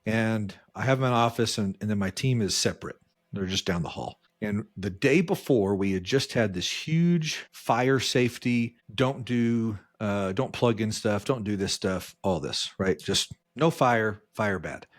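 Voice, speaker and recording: A man co-hosting a podcast, telling a work story in casual chat and jumping his voice up high when he quotes people. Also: expressive, unhurried. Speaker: podcast co-host.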